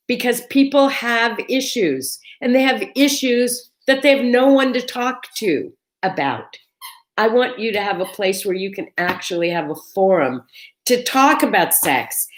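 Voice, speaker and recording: A middle-aged woman hosting her own vlog, talking to viewers in a chatty, upbeat way and often restarting her phrases. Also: mid-range voice. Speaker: vlog host. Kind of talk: casual chat to camera.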